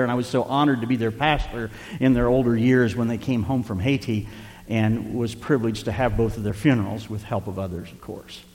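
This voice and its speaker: An older man preaching a sermon as pastor, telling a personal story in an earnest, tender way to his congregation. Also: mid-range voice. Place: church sanctuary. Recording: long hall reverb.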